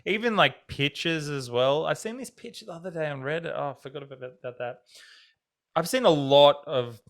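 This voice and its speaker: A man's voice: on the high side, fairly quick. A man in his thirties with an Australian accent, co-hosting a podcast in casual chat, joking and storytelling with swearing. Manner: joking, animated storytelling with frequent swearing and laughter. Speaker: podcast co-host.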